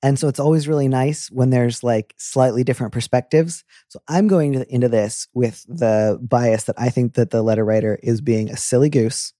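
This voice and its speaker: A man hosting an advice podcast, talking in a playful, jokey way with animated asides. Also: medium pitch, moderate pace, hardly any pauses, no room sound, clean studio sound. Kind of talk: casual advice chat.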